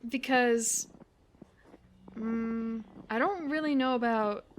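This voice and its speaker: A woman streamer with a slightly high voice chats casually and slowly while on a winter walk, with a little hiss or hum in the audio. She rambles, corrects herself, and laughs often.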